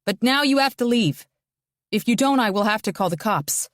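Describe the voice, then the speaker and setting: A woman's voice: fairly high pitch, animated, normal speed, dry recording, studio quality, voice pushed up, close to an everyday voice. A woman narrator voicing a young male bus driver who firmly orders someone off, in an audiobook.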